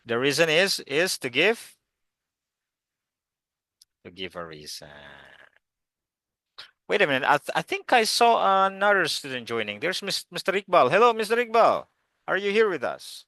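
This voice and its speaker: A man's voice: high-pitched, wildly swooping pitch, moderate pace, long pauses, pushed and bright, no room sound. A man teaching an online English class, encouraging students and calling on them by name.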